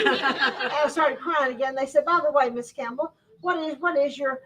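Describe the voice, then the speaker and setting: Older woman telling a story at a store event, bright high voice, lots of laughing, mic far off. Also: normal speed. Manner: lively, laughs often, acts out quotes. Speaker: guest speaker. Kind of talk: animated personal storytelling.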